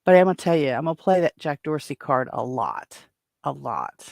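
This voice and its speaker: Woman, tired solo podcast host, gravelly edge, chatty and meandering. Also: low-pitched, very animated, normal speed, darkish tone, no echo, studio quality. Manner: rambling, chatty, lots of restarts and fillers. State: tired, yawning. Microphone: home microphone.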